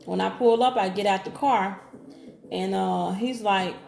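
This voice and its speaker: Woman, casual storytime, rambling delivery, gravelly voice, echoey room. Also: medium pitch, measured pace, a little mellow. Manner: rambling, restarts and acts out dialogue.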